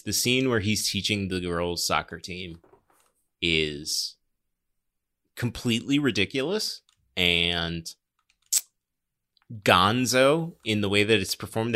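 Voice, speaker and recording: A man's voice: sits low, sharp tone. A young man co-hosting a casual film review podcast, sarcastic, swearing and laughing often. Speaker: podcast co-host. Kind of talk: casual movie review chat.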